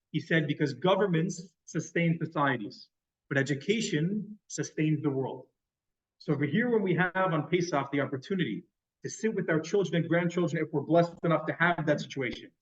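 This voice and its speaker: A man giving a conversational, storytelling sermon as a rabbi. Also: high-pitched. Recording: dull lo-fi sound.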